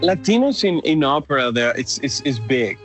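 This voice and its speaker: Man, Mexican accent, mid-pitched, excited and chatty, opera director interviewed, faint music behind. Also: moderate pace. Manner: enthusiastic, animated, lots of fillers. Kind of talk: interview answers.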